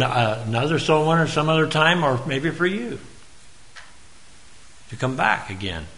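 A man's voice: on the high side, expressive, moderate pace, pauses often, fairly bright tone, rough recording. A man giving an informal, earnest sermon in a folksy way, now and then calling on listeners by name. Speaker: preacher.

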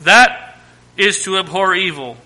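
A man, a pastor with young children, preaching a sermon, emphatic, repeating and listing phrases, swinging from loud declarations to quiet asides. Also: sits high, measured pace.

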